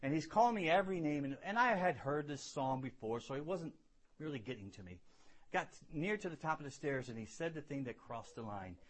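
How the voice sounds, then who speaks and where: Husky-voiced man preaching a testimony. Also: lively intonation, brisk. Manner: earnest storytelling, swings between loud emphasis and hushed lows; repeats words when building a point. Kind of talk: sermon with personal testimony.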